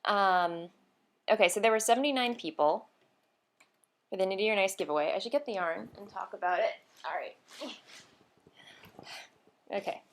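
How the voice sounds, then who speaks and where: A tired woman hosts her knitting vlog in a loose, chatty way. She trails off, fills pauses with "um" and laughs at her own slips, always sounding a bit scatterbrained. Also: medium pitch. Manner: scatterbrained, rambling with fillers and laughs. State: tired, short on sleep. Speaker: knitting podcast host. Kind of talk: casual vlog chat.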